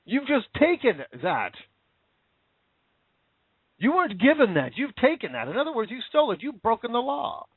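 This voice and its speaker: Casting: male commentator, high lively voice, angry ranting monologue. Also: moderate pace, pauses often, slightly rough, no echo. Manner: heated, swearing, sarcastic. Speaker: political commentator. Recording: tinny phone-like sound.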